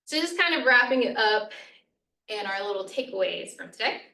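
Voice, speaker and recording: Her voice is fairly high, pushed and bright, with vocal fry, expressive at normal speed. She leads a lunch-and-learn workshop in a college meeting room, chatting with frequent "right?" and "um" and acting out sample phrases, recorded in an echoey room slightly away from the mic.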